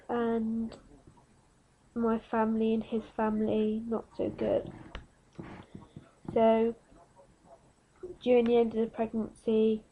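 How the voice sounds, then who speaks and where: Slow, flat-voiced young woman. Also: a little high, phone-quality sound, a little hiss or hum. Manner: frank, plain-spoken, slow and unhurried. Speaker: vlogger. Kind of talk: candid personal story to camera.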